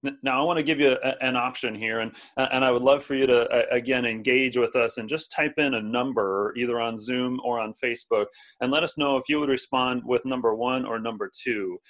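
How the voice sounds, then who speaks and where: A man's voice: medium pitch, fairly even intonation, a bit bright. A man preaching a sermon, often repeating words and asking the listeners to respond. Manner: halting, repeats words, asks audience to respond. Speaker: pastor. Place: streamed over video call and social media.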